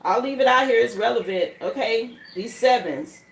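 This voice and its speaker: A woman's voice: fairly high pitch, moderate pace, creaky. Chatty woman reading tarot live. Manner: chatty, rambling, laughs between points. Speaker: tarot reader. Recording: echoey room, faint background noise.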